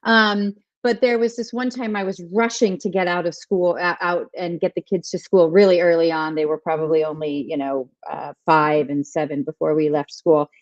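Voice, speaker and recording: A woman's voice: on the low side, steady tone, normal speed, hardly any pauses, dry recording. A woman who is a mother and guest author, telling stories animatedly in a conversational interview with emphatic repetition. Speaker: parent. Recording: dull lo-fi dry sound.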